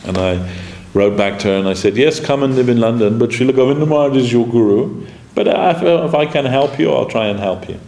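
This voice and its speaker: Speaking a little fast in a gravelly, dark mid-range voice, a spiritual teacher tells animated stories during an informal devotional class, acting out quoted dialogue and chuckling. The temple lecture room echoes and carries faint background noise.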